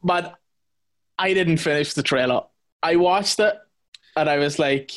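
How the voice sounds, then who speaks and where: Rambling Irish man, slightly high voice. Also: a little slow, long pauses, fairly bright tone. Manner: rambling, repetitive, exasperated rants. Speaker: podcast co-host. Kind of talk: casual chat.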